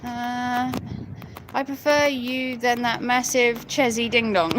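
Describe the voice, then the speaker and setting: A British woman chats slowly and playfully to her livestream viewers, giggling and swearing casually as she talks. Her voice sits fairly high, and she takes her time. Clear background noise from outdoors runs under her phone recording. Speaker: livestream host. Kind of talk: casual live chat with viewers. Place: outdoors at night near a hotel and graveyard.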